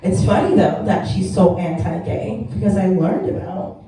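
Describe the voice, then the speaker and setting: A woman's voice: lowish voice, steady tone, moderate pace, mellow, slight background noise. Laughing young woman doing stand-up. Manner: chatty, self-mocking, laughs at her own jokes. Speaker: stand-up comedian. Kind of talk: stand-up set. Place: comedy club stage. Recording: echoey room, mic heard from far off.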